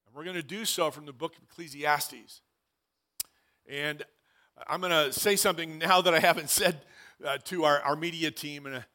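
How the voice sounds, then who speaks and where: Pastor guy in his 60s preaching, highish voice, leans on words and says them twice. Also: pushed and bright. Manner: emphatic, repeats phrases, dry asides. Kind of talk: sermon.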